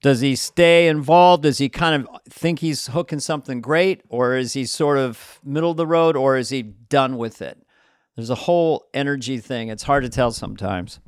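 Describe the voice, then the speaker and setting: A man's voice: mid-range voice, normal speed, smooth, no room sound. A man co-hosting a podcast, musing thoughtfully in casual chat. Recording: dry, close sound.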